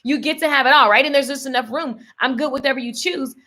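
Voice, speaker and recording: A woman business coach talking on a live stream, energetic and emphatic, repeating key lines and reading out viewer comments. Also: sits high, fast talker.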